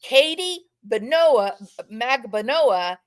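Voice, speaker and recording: A woman's voice: on the high side, expressive, takes it slowly. A woman giving impassioned true-crime commentary from home, repeating phrases for emphasis and mock-quoting others.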